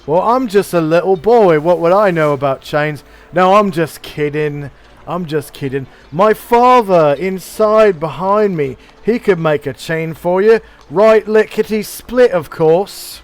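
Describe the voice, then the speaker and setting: A man's voice: high voice, unhurried, voice pushed up. A man voicing a cheeky young village boy who brags about his blacksmith father, in a teasing sing-song manner.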